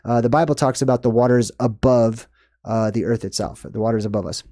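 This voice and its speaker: Man, movie commentary host, mellow tone, dry close sound, rambling casual delivery. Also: brisk, dry recording. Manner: rambling, checks in with "okay?" and "boom". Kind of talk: casual screen-share commentary.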